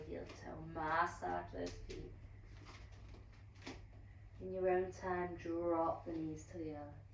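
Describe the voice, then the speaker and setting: A woman teaching an online yoga class, giving slow, soothing cues and now and then dropping into a soft whisper. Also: lowish voice, a little hiss or hum. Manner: soothing, unhurried cueing with soft drawn-out words. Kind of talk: guided yoga class instruction. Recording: distant, roomy, dull and lo-fi.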